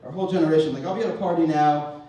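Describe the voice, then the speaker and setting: A man's voice: on the high side, steady tone, rapid-fire, dark tone. A young man doing a rambling, self-mocking stand-up comedy set on stage in front of a live audience. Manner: rambling, self-mocking, acts out voices of others. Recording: echoey distant room recording, noisy.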